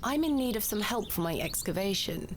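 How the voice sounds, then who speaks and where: A woman's voice: mid-range voice, expressive, brisk, background noise, natural voice. An actress playing a formal, determined woman archaeologist in an adventure game. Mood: composed. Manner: formal, composed.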